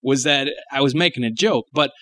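Bright-voiced young man ranting crudely. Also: medium pitch, brisk, no echo. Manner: profane, emphatic ranting. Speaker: podcast co-host. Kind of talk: crude casual chat.

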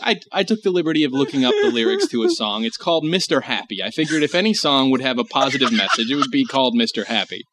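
A man's voice: mid-range voice, animated, fast talker, few pauses, background noise. A man hosting a comedy podcast and mocking a clip with sarcastic commentary. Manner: mocking, sarcastic, laughs often. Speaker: podcast host.

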